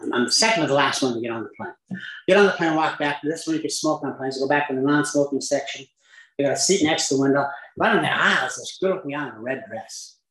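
A man from Utah telling a humorous personal story as a speaker at a recovery meeting, with lively asides and chuckles. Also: medium pitch, quick pace, roomy sound, poor audio.

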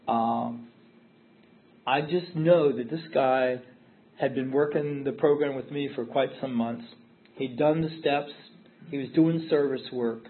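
A man giving an earnest personal testimony at a recovery meeting, repeating himself for emphasis. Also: medium pitch. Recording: tinny phone-like audio.

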